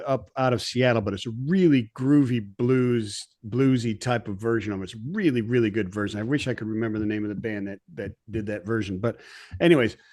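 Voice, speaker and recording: A man co-hosting a podcast, chatty and quick to laugh, telling rambling stories. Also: medium pitch, darkish tone. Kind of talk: casual podcast chat.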